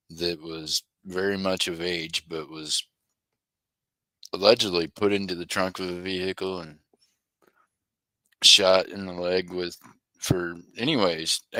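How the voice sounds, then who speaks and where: A man hosting a casual live stream, rambling through slangy, joking banter and calling out his chatters by name. His voice sits fairly low and comes across forceful and sharp, close and dry with no room around it. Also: no echo. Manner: laughs often, slangy banter. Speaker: livestream host.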